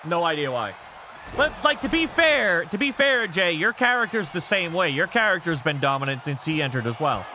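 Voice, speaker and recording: A man streaming a wrestling game, chatting casually with viewers, rambling and reading chat aloud, with loud bursts as he reacts to the match. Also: a little high, sing-song, normal speed, slight background noise.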